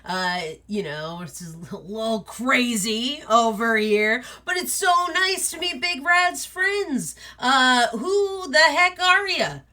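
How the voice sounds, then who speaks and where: A woman voicing a big, friendly, fatherly old male wolf who leads the pack, talking loudly and cheerfully in a tabletop role-play. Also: fairly high pitch, lively intonation, takes it slowly, few pauses, voice pushed up, full character voice. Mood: jovial.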